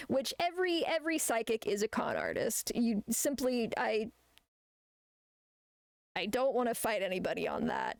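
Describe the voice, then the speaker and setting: A woman's voice: on the high side, gravelly, no echo. A young woman streaming as an artist, chatting casually while drawing. She rambles, laughs often and swears freely.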